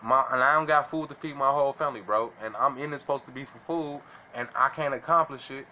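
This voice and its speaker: Casual vlogger, man, slangy and bright, faint noise behind. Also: mid-range voice, fast talker, highs cut off. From Illinois. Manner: slangy, keeps asking "you know what I'm saying". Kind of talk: casual monologue to camera.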